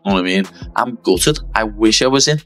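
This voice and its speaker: A man's voice: fairly low pitch, expressive, brisk, a bit bright, faint music behind. A man telling a story in casual, chatty interview talk. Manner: chatty storyteller, says lad a lot. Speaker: fighter interviewed. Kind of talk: casual chat.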